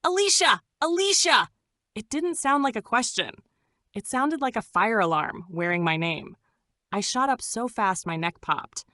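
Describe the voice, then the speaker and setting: A woman's voice: mid-range voice, expressive, measured pace, fairly bright tone, dry recording, studio quality. A woman narrating a scripted first-person suspense story in a dramatic, suspenseful manner.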